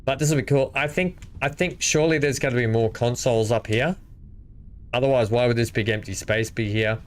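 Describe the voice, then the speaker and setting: A man streaming a multiplayer game from home, excitable and chuckling as he plays and chats. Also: medium pitch, brisk. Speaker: gaming streamer. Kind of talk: casual multiplayer gameplay chat. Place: home room.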